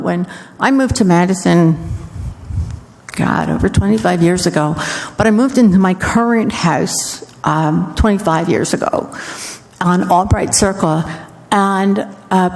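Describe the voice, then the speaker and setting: A woman council member talks through her report at an easy, unhurried pace. Her voice carries a long reverb from a council chamber. She is chatty and personal. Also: medium pitch, a little mellow.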